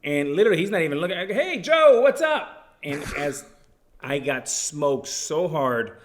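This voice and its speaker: A man's voice: on the high side, moderate pace, slight background noise. A man co-hosting a casual podcast, telling an easygoing anecdote. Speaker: podcast co-host. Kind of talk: casual chat.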